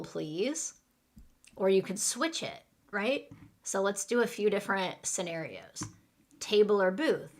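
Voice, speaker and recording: A woman teaching English in a live online class, speaking slowly and clearly and acting out restaurant phrases for learners to repeat. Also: mid-range voice. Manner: slow, clear teaching delivery with role-play lines.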